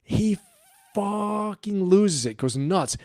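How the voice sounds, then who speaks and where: A man's voice: sits high, animated, slow pace, a little mellow, no echo, studio quality. A middle-aged man hosting a livestream, telling a story in a rambling, profane way and laughing often. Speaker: livestream host and coach.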